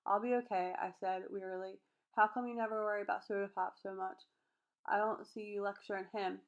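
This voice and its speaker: A woman's voice: mid-range voice, flat delivery, brisk, lo-fi sound. A woman reading a novel chapter aloud, voicing every character in her own voice and sometimes stumbling and restarting a word. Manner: reads all characters in her own voice, occasional slips and restarts. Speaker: audiobook reader.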